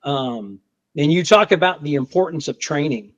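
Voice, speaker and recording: The podcast audio is dull and lo-fi as a federal agent with a slightly high voice, speaking at a normal pace, describes a confrontation. He tells it in a lively, conversational way, repeating words, often restarting, and acting out the shouts.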